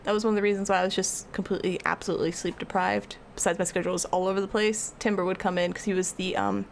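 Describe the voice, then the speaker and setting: A woman's voice: mid-range voice, flat delivery, rapid-fire, gravelly, slight background noise. A young woman art streamer rambling casually as she answers her live chat.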